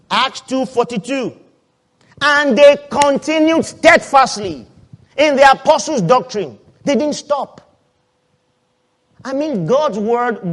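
Preaching in church, this male pastor's voice sits high. His sermon alternates between loud calls and hushed asides, and he asks the congregation questions.

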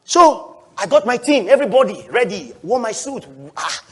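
A male pastor, preaching a lively sermon, often laughing and breaking into shouts. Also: very high-pitched, moderate pace, husky.

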